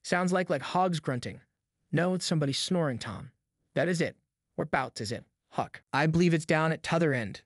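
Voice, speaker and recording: Two scared backwoods boys trade hushed lines in a thick rural drawl, voiced by a man. The voices sit fairly high, and the recording is dry and close. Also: moderate pace, no room sound. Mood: scared whisper. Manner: rustic dialect drawl, hushed and fearful. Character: two frightened backwoods boys whispering at night.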